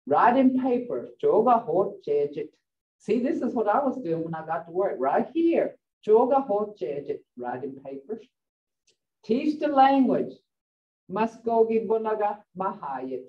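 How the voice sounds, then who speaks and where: A woman teaching a vocabulary lesson in class. She laughs often and repeats words slowly for the learners. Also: medium pitch, big pitch swings. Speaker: language teacher. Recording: dull lo-fi sound from a distant mic.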